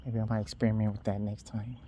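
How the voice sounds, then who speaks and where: A man's voice: on the low side, flat delivery, mellow, a little hiss or hum. A man rambling casually on a night walk outdoors, recorded on a phone held in his hand. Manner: loose, unhurried rambling with trailing restarts. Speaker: vlogger.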